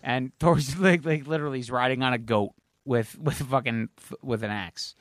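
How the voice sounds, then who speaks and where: A man co-hosting a podcast casually retells a comic-book plot, rambling with lots of fillers, restarts and swearing. His medium-pitched voice holds a steady tone at normal speed, in a dry, studio-quality recording.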